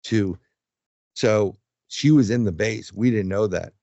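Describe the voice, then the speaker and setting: A man's voice: fairly low pitch, measured pace, creaky, no echo, muffled recording. A man who investigates the paranormal, telling his experiences in a casual interview and acting out what others said. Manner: animated storyteller, acts out quotes.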